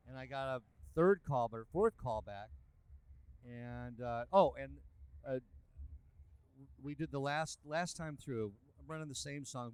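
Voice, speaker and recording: A man, a musician and producer, telling a lively anecdote in a casual interview. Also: mid-range voice, smooth, dry recording. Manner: animated, lively anecdotal delivery. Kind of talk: casual storytelling.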